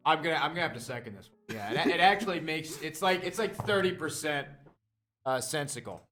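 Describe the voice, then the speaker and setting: A man's voice: fairly high pitch, expressive, a little fast, sharp tone, soft background music. A man playing a tabletop game, casual and swearing, trailing off when unsure. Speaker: player.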